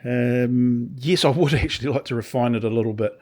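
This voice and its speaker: A man with a slightly croaky voice, talking casually through a workshop demonstration with rambling asides and dry understatement. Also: mid-range voice, brisk, darkish tone. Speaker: workshop video maker. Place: small home workshop.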